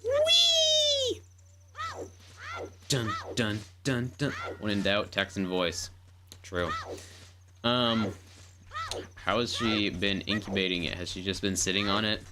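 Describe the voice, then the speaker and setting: A woman's voice: a bass voice, fairly even intonation, unhurried, pauses often, noisy background. A woman streaming a game live, chatting casually in a rambling, playful way as she narrates what she does. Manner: rambling, playful, self-narrating, repeats words. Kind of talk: casual live gameplay commentary. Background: game music.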